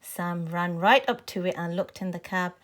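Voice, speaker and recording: A woman reading a children's story aloud in a clear, expressive way. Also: fairly low pitch, moderate pace.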